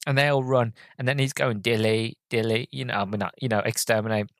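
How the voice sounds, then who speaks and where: Male podcast host, mid-pitched, heartfelt rambling review, dry sound. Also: quick pace, gravelly, a bit bright, no echo. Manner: earnest, heartfelt and rambling, with many restarts. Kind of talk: casual film review.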